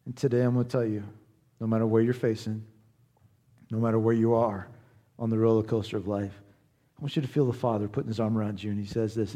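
A man's voice: on the low side, steady tone, brisk, dark tone. A man from Southern Indiana preaching a sermon as pastor, conversational, earnest and encouraging.

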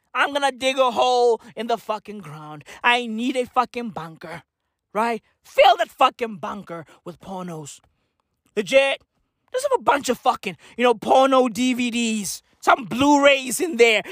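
A woman ranting in a frantic, profane comic monologue that breaks into shouts at times. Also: fairly high pitch, no echo, clean studio sound. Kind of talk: comic rant.

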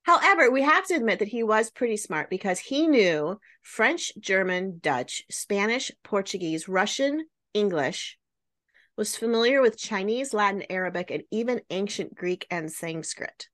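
A woman's voice: mid-range voice, lively intonation, moderate pace, fairly bright tone. Chatty female podcast host, casual storyteller, lots of filler. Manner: chatty, many fillers like "right?" and "like".

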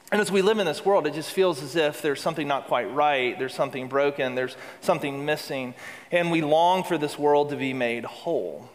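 A man preaching a sermon to a congregation, earnest and building to emphatic peaks with repeated phrases. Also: medium pitch. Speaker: pastor. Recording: long hall reverb.

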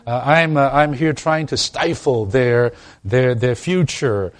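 This is a man preaching a sermon in an even, middle-pitched voice. He speaks emphatically and stumbles into repeated restarts. He keeps turning to the congregation with rhetorical questions. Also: takes it slowly. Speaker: pastor.

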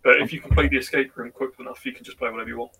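A young man co-hosts a laid-back podcast, wandering through stories with plenty of ums. His voice is husky and mid-pitched, and it sounds slightly distant from the microphone. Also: steady tone, rapid-fire, sharp tone. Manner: rambling, hesitant with ums. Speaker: podcast co-host. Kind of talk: casual chat with friends.

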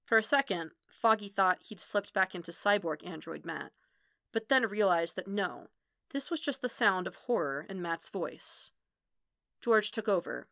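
A woman reading fan fiction aloud as audiobook narration, with expressive delivery that quickens in the tense scenes. Her voice is bright and of middling pitch, in a dry, close recording. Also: gravelly, dry recording. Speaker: podfic reader.

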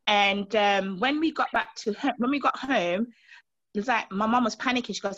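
A woman from Montserrat relives a frightening day for an interviewer, her pitch leaping high as she acts out each voice in the story. The recording is dry and a little dull. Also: moderate pace, fairly bright tone, no echo. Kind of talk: emotional personal recollection.

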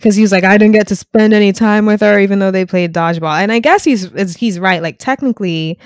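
A woman's voice: mid-range voice, fast, no room sound. Giggly woman podcaster, dry mic. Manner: laughs often, heavy use of "like". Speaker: podcast co-host. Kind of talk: casual recap chat.

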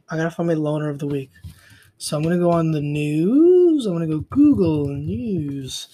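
This young male podcast host speaks on his own with a warm, somewhat high voice. He rambles and swears through a casual rant, letting his words fade into muttering.

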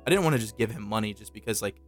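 A man's voice: fairly low pitch, lively intonation, racing, faint music behind. A young man, co-hosting a podcast and telling stories in a loose, profane, casual chat. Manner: loose storytelling with frequent profanity. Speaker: podcast co-host.

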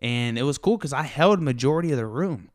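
A young man speaks quickly and with animated excitement on his solo podcast. His voice sits at an ordinary middle pitch, and he talks in a casual, conversational way. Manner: fast, excitable, animated storytelling. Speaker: podcast host.

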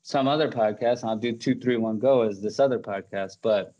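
A man's voice: on the low side, fairly quick, mellow, muffled recording. A man hosting a podcast in casual chat, rambling, laughing often and full of fillers and restarts. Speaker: podcast host.

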